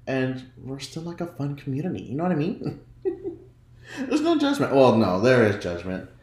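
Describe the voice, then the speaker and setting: A man hosting his own podcast in casual solo chat, chatty and giggly, often jumping into high mock voices when he quotes himself. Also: sing-song, brisk, darkish tone, echoey room. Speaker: podcast host.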